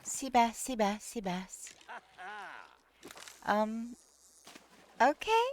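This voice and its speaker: A woman with a high voice chats through a live game stream at an unhurried pace. She keeps breaking into laughter and exclaiming in disbelief. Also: expressive, slight background noise. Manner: laughs often, incredulous exclamations. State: laughing to tears. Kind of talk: casual live-stream chat while playing.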